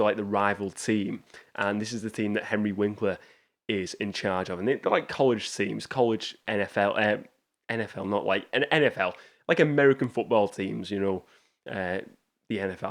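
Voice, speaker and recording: A man with a fairly low voice talks fairly quickly as host of a casual film review show, enthusiastic but often restarting and wandering into rambling asides.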